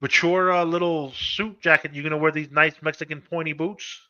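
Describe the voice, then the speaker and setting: A man with a tense, sharp, fairly high voice teases his co-host with crude jokes. He hosts a casual live stream. The audio sounds muffled and lo-fi. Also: fairly even intonation, normal speed, dry recording. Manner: crude teasing. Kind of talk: casual chat, ribbing banter.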